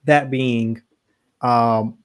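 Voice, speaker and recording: A man co-hosting a podcast in casual chat, animated, with quick asides and laughs. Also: mid-range voice, smooth. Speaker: podcast co-host.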